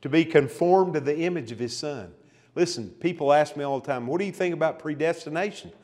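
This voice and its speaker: A man's voice: a little high, fairly quick, darkish tone. Man teaching a Bible lesson in a reverberant hall. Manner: reads scripture aloud with rising emphasis, asks the class questions. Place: church hall.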